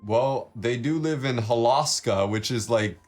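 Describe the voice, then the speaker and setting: A man's voice: mid-range voice, measured pace, a little mellow, faint music behind. A man chatting casually and joking while he plays through a video game. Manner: rambling, jokey. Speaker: let's play host. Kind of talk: casual gameplay commentary.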